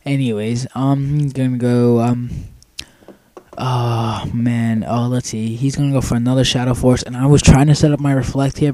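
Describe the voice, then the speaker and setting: A man's voice: mid-range voice, dark tone, dry recording. A young man giving casual, rambling commentary over a game he played, full of ums and offhand swearing. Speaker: gameplay commentator.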